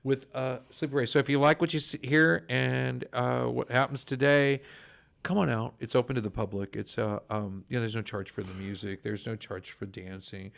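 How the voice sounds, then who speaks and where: A man's voice: medium pitch, steady tone, moderate pace, gravelly, a bit bright. A man hosting a radio show in casual chat, rambling with many restarts and fillers, in a radio studio.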